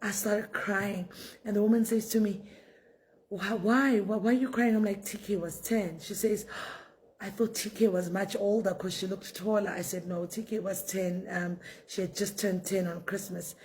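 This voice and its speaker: A woman's voice: level tone, moderate pace, darkish tone. Tearful woman telling her story. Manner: tearful, repetitive, speaking in a low subdued voice. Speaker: foundation founder sharing a personal story. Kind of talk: emotional personal storytelling.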